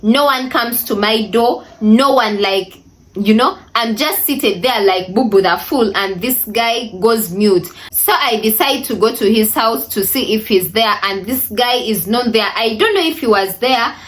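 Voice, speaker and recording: A young woman telling a storytime vlog to her viewers, animated and indignant, repeating phrases for emphasis. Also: a little high, measured pace. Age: young adult. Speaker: vlogger.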